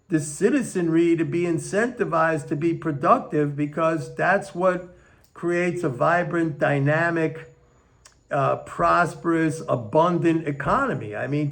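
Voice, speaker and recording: Older male commentator, fairly high voice, emphatic, slows to stress points, solo talk to a tripod camera. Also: gravelly, a bit bright. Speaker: economics commentator. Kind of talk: casual opinion monologue.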